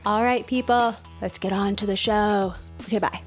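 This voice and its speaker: Casting: woman podcast host, chatty, mid pitch, faint music under her voice. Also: steady tone, normal speed. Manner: chatty, self-mocking asides. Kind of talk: casual podcast chat.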